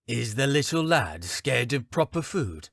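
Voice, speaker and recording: A composed captain who keeps himself in check, voiced by a man, polite and measured, his pitch moving freely. The read is close and dry with no room. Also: big pitch swings, gravelly, no room sound, full character voice. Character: composed male captain, guarded and earnest.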